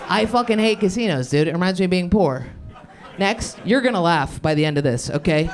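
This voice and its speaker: A young woman doing improvised stand-up comedy, brash and profane, riffing quickly off audience suggestions. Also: medium pitch, expressive, a little hiss or hum. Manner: brash, profane, fast-turning riffs.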